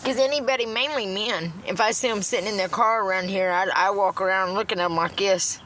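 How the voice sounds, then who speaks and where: A woman's voice: mid-range voice, fairly quick, a bit bright, slight background noise. A middle-aged woman ranting to a phone in a blunt, profane, rambling way, recorded in a parked car. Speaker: TikTok livestreamer. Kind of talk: ranting casual monologue.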